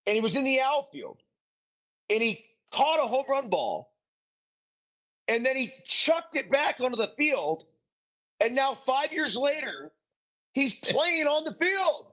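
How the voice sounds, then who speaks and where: A man hosting a casual sports chat, excitable and saying "dude" a lot. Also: very high-pitched, a little slow, pauses often. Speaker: podcast host.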